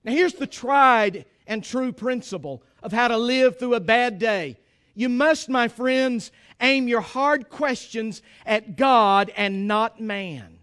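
Man, preacher, sermon, very high-pitched, emphatic, pleading. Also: slow, clean tone. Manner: emphatic, pleading, rising to shouts.

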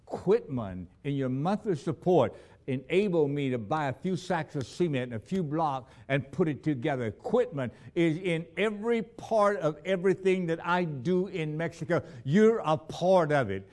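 A man preaching a sermon as a missionary, telling stories with dramatic swings between loud emphasis and hushed, low lines. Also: lively intonation, normal speed.

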